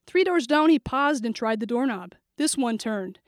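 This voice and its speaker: A woman narrating a thriller audiobook in a steady, vivid storytelling manner. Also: a little high, normal speed, no room sound, clean studio sound.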